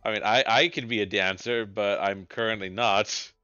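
A man's voice: lowish voice, steady tone, normal speed, bright, forceful tone, smooth. A man hosting a casual game playthrough, joking, rambling and swearing as he plays. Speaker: let's play host. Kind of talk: casual gameplay commentary. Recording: dull lo-fi recording with game music.

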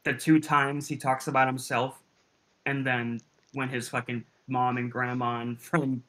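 Bright-voiced chatty commentary host. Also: medium pitch, little pitch movement, measured pace. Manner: chatty, mocking, laughs often. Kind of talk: casual commentary on courtroom clips.

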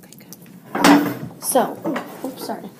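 A woman's voice: measured pace, very noisy. A woman tutoring a student, explaining step by step and asking "okay?" often. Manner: patient, explains step by step with many "okay?" checks. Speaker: reading tutor. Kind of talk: one-on-one teaching.

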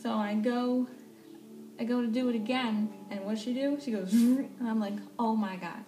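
A young woman casually telling a storytime vlog, animated and swearing freely, laughing often. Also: on the high side, moderate pace, soft background music. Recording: echoey room, faint background noise.

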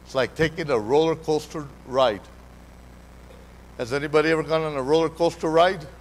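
A man preaching a sermon as pastor, animated, calling out to the congregation and repeating his words. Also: fairly high pitch, moderate pace, a little hiss or hum, poor audio. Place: church hall during a live service.

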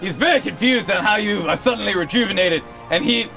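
A man's voice: high voice, a little fast, gravelly, pushed and bright, soft background music. A young man acting as game master, narrating a tabletop board game in a playful, jokey way.

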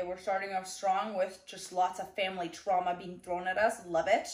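A woman's voice: medium pitch, little pitch movement, moderate pace, hardly any pauses, a little hiss or hum. A tired young woman chatting casually as a book vlogger, rambling and reacting dramatically. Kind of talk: casual vlog chat. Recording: echoey room.

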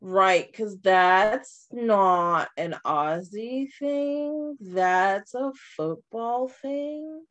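A woman co-hosting a casual show review, playful and quick with quips. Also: medium pitch, lively intonation, a bit bright, highs cut off. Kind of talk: casual chat.

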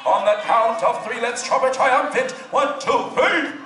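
A man's voice: very high-pitched, steady tone, normal speed. A man playing the showy leader of a singing troupe, rallying a live audience. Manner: theatrical, rallies the audience. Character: boastful male singer, leader of a tribal troupe. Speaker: stage show performer, troupe leader. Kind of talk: live theater show hosting. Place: large theater-in-the-round with an audience. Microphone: camcorder in the audience. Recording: echoey live venue, crowd and music.

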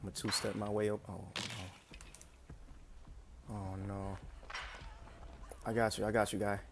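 A man talks through his gameplay in a low, gravelly voice, repeating short phrases to himself. Clear background noise sits under his voice. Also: level tone, unhurried. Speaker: streamer. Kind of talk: casual gameplay commentary.

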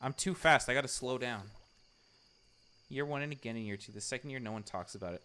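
A male streamer chatting casually with his viewers while playing, excitable and swearing freely as he reacts to the game. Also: medium pitch, fast, smooth. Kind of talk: casual live gameplay chat.

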